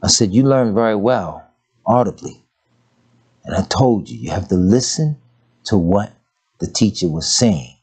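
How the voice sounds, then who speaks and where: Older man, husky low voice, folksy sermon, storytelling, sudden high exclamations. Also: expressive, a little slow, long pauses, a little mellow. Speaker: preacher.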